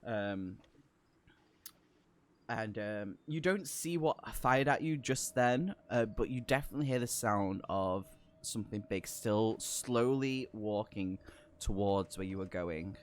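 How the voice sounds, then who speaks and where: A man's voice: on the low side, slow pace, a little hiss or hum. A man narrating a tabletop horror game as game master, describing scenes with lots of filler words.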